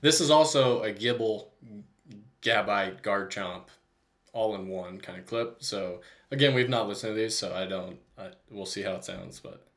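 A man's voice: fairly low pitch, moderate pace, a bit bright. Giggly young man co-hosting a chat show. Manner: giggly and playful. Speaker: podcast co-host. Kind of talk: casual chat.

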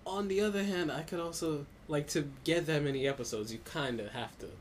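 A man co-hosting a casual podcast, thinking aloud in a relaxed, hedging way. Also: fairly high pitch, brisk, slight background noise. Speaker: podcast co-host.

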